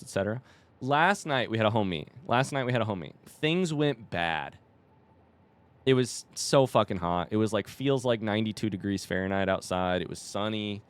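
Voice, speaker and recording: A man's voice: fairly low pitch, clean tone. A young man streaming a game and casually telling a long coaching story, rambling with lots of fillers, restarts and the odd swear word. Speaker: streamer and youth cross country coach. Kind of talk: casual storytelling while gaming.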